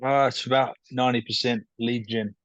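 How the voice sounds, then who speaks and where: Flat-voiced New Zealand man on a call. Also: mid-range voice, no room sound. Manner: measured, matter-of-fact, calls himself rational. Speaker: podcast guest. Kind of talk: casual podcast interview. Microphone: video call. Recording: dull, dry video-call audio.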